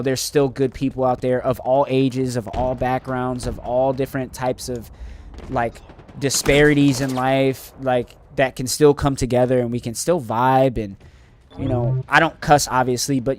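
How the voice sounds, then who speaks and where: A man streaming a game, chatting earnestly and emotionally to his viewers, rambling with many fillers and restarts. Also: medium pitch. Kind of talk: casual chat to live chat while gaming.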